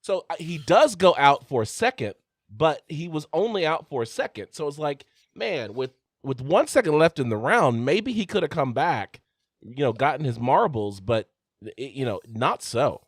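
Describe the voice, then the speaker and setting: A man's voice: fairly high pitch, big pitch swings, normal speed, husky, dry recording, studio quality. A man co-hosting a combat sports podcast, recapping fight results and asking questions in a casual way. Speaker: podcast co-host.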